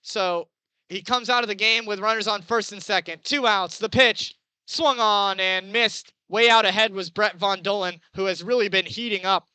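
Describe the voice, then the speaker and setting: A young man doing chatty baseball play-by-play commentary, getting excited on big plays. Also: high-pitched, moderate pace, clear, resonant tone, no echo, low-quality recording. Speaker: play-by-play announcer.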